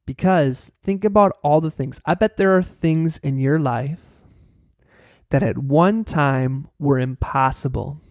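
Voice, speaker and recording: A man's voice: a little high, moderate pace, a little mellow, no room sound. Upbeat motivational man, dry close sound. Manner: upbeat, playful and encouraging. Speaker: workshop host. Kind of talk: motivational class talk.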